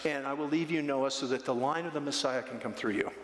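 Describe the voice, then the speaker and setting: A male pastor voicing God in a sermon, speaking calmly and matter-of-factly about stepping in to save a line of people. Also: medium pitch, fast, voice pushed down, lightly acted. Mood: resolute. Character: patient, merciful God speaking plainly. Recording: echoey church hall.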